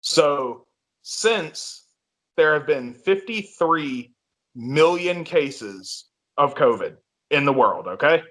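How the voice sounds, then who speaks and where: A man's voice: on the high side, expressive, slow, fairly bright tone. A man co-hosting a casual sports podcast, laid-back and agreeable, often answering with a simple yep. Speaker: podcast co-host.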